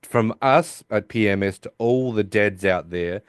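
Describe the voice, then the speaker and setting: A middle-aged Australian man co-hosting a podcast in casual, animated, joking chat. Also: fairly low pitch, a little slow, smooth, no echo, studio quality. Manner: animated, jokey, talks over his co-host. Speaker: podcast co-host.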